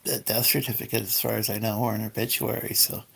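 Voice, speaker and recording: A man's voice: fairly low pitch, little pitch movement, fast, vocal fry, crowd noise. Insistent man making his point. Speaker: stream guest. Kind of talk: casual argumentative chat.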